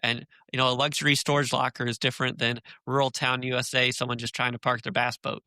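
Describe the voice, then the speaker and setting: A man, a podcast guest, talking casually and telling animated stories. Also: mid-range voice, quick pace, no echo. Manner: chatty storyteller, animated and laughing.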